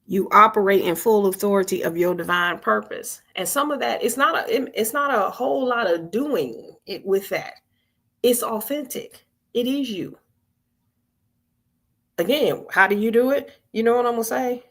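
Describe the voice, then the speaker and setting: A woman with a gravelly, fry-edged voice leads a spiritual vigil in a loose, conversational way. She circles back to the same phrases and keeps urging her listeners to join in. Her speech stays colloquial and earnest. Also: fairly high pitch, normal speed, fairly bright tone. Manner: conversational and coaxing, repeats phrases, calls on listeners. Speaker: spiritual host leading a weekly vigil. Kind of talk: informal spiritual teaching on a live stream.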